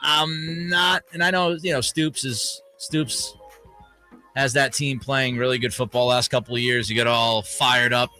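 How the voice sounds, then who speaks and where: Bright-voiced man hosting sports radio. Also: medium pitch, steady tone, measured pace, faint music behind. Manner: laughs often, runs the segment. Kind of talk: casual sports talk.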